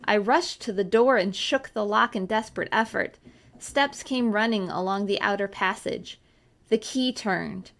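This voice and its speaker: A woman reading a classic novel aloud in a measured, expressive way. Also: medium pitch, creaky. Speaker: audiobook reader.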